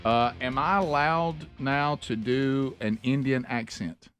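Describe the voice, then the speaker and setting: Man, middle-aged, Alabama drawl, radio host, chatty storyteller, mid pitch. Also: slow pace, fairly bright tone, soft background music. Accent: Southern US, Alabama. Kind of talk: casual radio banter.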